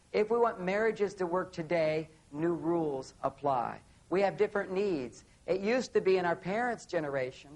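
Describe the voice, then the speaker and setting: A man giving a seminar talk on relationships, telling an anecdote in an animated way and acting out bits of dialogue. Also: sits high, poor audio. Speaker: relationship author speaking on stage.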